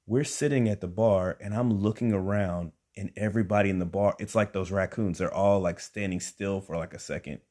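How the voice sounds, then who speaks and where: Deep-voiced man telling a stand-up story. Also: fairly quick, hardly any pauses. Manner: animated, acts out quotes with rising emphasis. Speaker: stand-up comedian.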